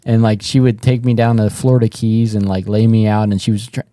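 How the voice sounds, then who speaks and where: A man's voice: fairly low pitch, little pitch movement, fast talker, mellow, no echo. A man in his thirties co-hosting a podcast, rambling with laughs and fillers in casual chat. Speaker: podcast co-host.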